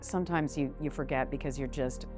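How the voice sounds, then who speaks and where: A low-voiced woman talks about her business in a relaxed interview. Her speech is frank and animated, scattered with casual fillers, and faint music plays underneath. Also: a little fast. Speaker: business owner, interview guest.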